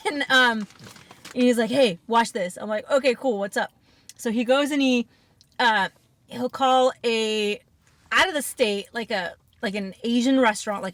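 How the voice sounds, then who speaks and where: A woman's voice: fairly high pitch, moderate pace, a bit bright, no room sound. A woman chatting casually on an eating show, telling rambling, giggly stories. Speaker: podcast co-host. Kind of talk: casual chat while eating.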